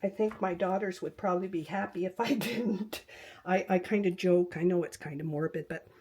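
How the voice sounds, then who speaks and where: A woman's voice: on the low side, normal speed, warm tone, husky. Chatty older woman crafting at home. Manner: chatty, talks to herself while working, drifts into whispers. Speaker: quilting tutorial host. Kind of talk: casual craft demonstration. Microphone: webcam.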